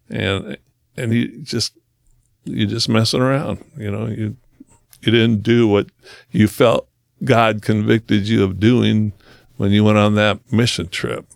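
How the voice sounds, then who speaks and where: A man speaking as a podcast guest, telling his own story in earnest conversation and slowing down to stress key moments. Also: fairly low pitch, fairly even intonation, vocal fry, no room sound, studio quality.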